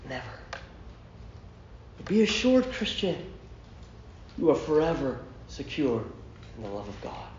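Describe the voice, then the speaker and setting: A male pastor preaching a sermon, emphatic, dropping to a hush and then rising to a shout. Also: a little high, wildly swooping pitch, unhurried, pauses often, roomy sound, lo-fi sound, a little hiss or hum. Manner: emphatic, swinging from hushed to shouting.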